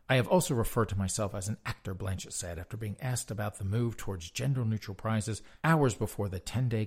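Low, gravelly, sarcastic male commentator. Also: a little mellow. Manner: mocking asides between read-out passages. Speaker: commentator reading news articles.

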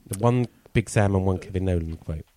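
A man's voice: low voice, a little fast, dark tone, slight background noise. A man hosting a casual football fan podcast, chatty and teasing as he steers the talk. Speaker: podcast host.

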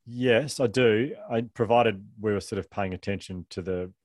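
A middle-aged man, a guest and author telling a candid story in a fast, rambling way, restarting his sentences often. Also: lowish voice, a little mellow, dry recording, clean studio sound. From Australia.

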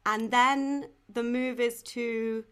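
Woman podcast host, fairly high voice, curious and encouraging interviewer. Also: fairly even intonation, takes it slowly, fairly bright tone, clean tone. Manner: curious, encouraging, gives short reactions. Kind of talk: casual interview.

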